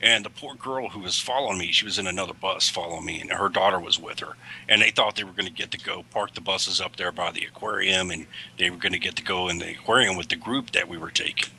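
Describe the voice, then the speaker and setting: A man's voice: deep voice, fast, creaky, hardly any pauses, sharp tone, slight background noise. A man who drives a school bus, telling rambling stories in a casual livestream chat and correcting himself as he goes. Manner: rambling, self-correcting anecdotes.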